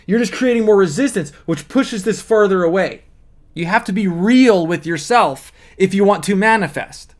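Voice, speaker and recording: Coach type, high male voice, earnest explainer who repeats the key points. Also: lively intonation, moderate pace. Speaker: manifesting coach. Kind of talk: motivational teaching monologue.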